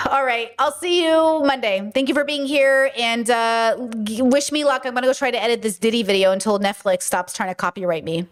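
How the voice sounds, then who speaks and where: High-voiced sarcastic woman streamer. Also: a little fast, clean tone. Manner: animated and sarcastic, with laughs. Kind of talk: casual livestream chat.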